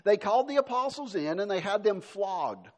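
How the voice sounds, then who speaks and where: Brief: male pastor, middle-aged, higher voice with a very lively, animated pitch, sermon delivery that swings emphatic to hushed. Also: normal speed.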